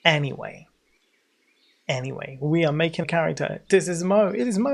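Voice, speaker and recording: A man in his forties with an English accent, chatting casually while livestreaming a game, rambling on and breaking into excited greetings for viewers. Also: on the high side, normal speed, gravelly, slightly rough. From England. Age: 40s. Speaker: game streamer.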